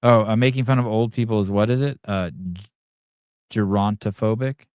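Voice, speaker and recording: A middle-aged podcast host with a smooth, slightly mellow voice on the low side speaks at normal speed. He reads chat comments aloud and rambles crudely and profanely in an off-the-cuff livestream, captured in a dry, clean studio recording.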